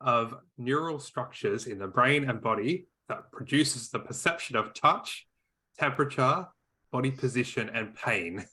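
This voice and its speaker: An Australian man with a bright, forceful voice and a broad Australian accent. He chats casually as a podcast guest, crude and full of swearing. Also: mid-range voice, lively intonation, measured pace. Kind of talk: casual chat.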